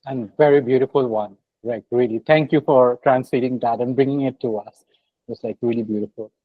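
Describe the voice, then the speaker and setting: A man's voice: medium pitch, steady tone, brisk, no echo, narrow, tinny audio. A man hosting an interview, asking questions hesitantly with frequent fillers. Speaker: interview host.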